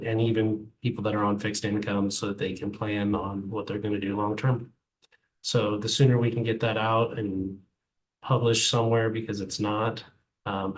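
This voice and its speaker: A man on a city council gives his report at a meeting, casual and thinking aloud, with fillers between his thoughts. His voice sits a little low. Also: slight background noise, low-quality recording.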